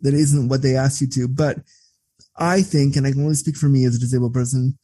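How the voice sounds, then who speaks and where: Candid guest: outspoken, cursing man, husky and mellow, close dry sound. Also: medium pitch, fairly quick, dry recording. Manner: blunt and profane, animated when telling stories. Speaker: interview guest. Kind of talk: candid conversational storytelling.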